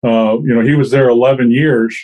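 A man interviewing a former athlete, asking questions with halting pauses and restarts. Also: mid-range voice, steady tone, lo-fi sound. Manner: halting, many fillers and restarts.

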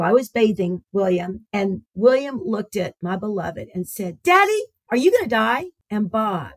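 Husky woman telling a tender story. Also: medium pitch, no echo. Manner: heartfelt, tender, repeats phrases for emphasis. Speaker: guest. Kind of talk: emotional personal storytelling.

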